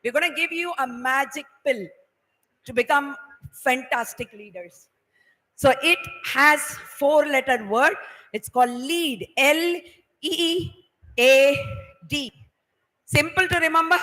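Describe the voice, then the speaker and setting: Bright high-voiced woman speaker. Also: moderate pace, pauses often. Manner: playful, acts out everyday examples. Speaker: workshop speaker. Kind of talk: motivational talk to students. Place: large hall. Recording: echoey hall.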